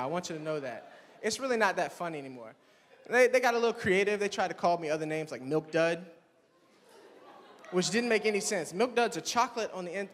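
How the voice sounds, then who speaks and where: A young man with a fairly high voice does stand-up, telling his stories with animated play-acting of the people in them. His voice rings out with a long reverb tail from a campus hall. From Swannanoa, North Carolina. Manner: animated storytelling, acting out friends in higher voices. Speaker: stand-up comedian. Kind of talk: stand-up comedy set.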